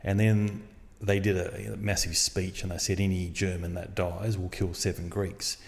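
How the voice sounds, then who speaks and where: A man hosting a podcast, telling a story in a casual, animated way and acting out the dialogue. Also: low voice, normal speed, vocal fry, a little hiss or hum. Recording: long reverb.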